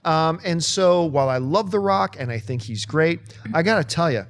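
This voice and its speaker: A man with a gravelly, somewhat high voice co-hosts a movie talk show at a moderate pace. He chats casually and emphatically, animated, with sudden bursts of enthusiasm and occasional sung bits.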